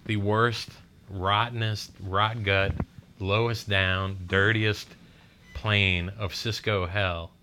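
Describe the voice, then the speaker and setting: A man's voice: on the low side, flat delivery, slow, pushed and bright, slight background noise. A man on a podcast, recorded in a hospital room, ranting in casual, profane, emphatic chat.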